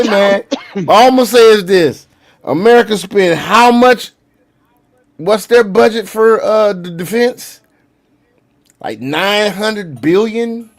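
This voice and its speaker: A man casually reacting on a podcast, laid-back and slangy, laughing often. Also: high voice. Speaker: podcast host.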